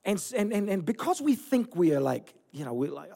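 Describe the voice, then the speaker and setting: A man in his forties, originally from Fiji, preaching a sermon as pastor with animated storytelling and self-deprecating humor. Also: high-pitched, brisk, vocal fry. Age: 40s. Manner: storytelling, animated, laughing at himself. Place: church.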